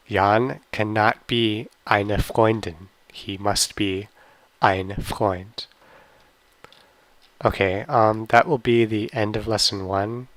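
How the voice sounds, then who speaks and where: A young man teaching an online language lesson, drilling practice questions slowly and carefully with frequent ums. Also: lowish voice, fairly even intonation, no echo.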